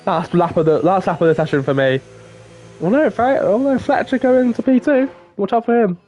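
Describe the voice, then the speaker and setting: A man commentating live on a sim racing qualifying session, swinging between low murmurs and excited outbursts. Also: moderate pace, muffled recording, a little hiss or hum. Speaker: race commentator.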